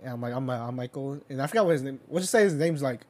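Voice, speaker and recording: Racing along in an expressive, medium-pitched voice, a young adult man tells a long, rambling story in casual conversation. It's thick with fillers and swearing, and he chuckles while telling it.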